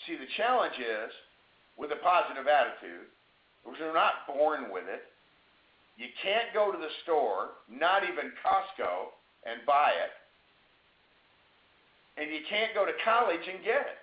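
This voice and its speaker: A man's voice: a little high, sing-song. Emphatic man giving a motivational webinar talk. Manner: emphatic, slowing down to stress key phrases; conversational, with asides and checks like "right?". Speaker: webinar speaker. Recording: roomy, dull lo-fi webinar audio.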